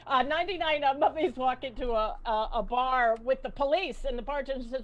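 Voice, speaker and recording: A woman improv performer telling jokes haltingly on a video call, pausing with fillers as she searches for words. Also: high-pitched, muffled recording. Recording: faint background noise.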